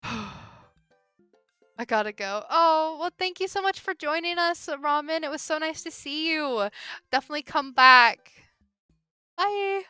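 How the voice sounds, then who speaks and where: A woman's voice: high voice, animated, takes it slowly, long pauses, bright, forceful tone, dry recording, soft background music. A young woman casually commentating a game stream, chatty and giggly, reading dialogue aloud. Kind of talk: casual let's-play commentary.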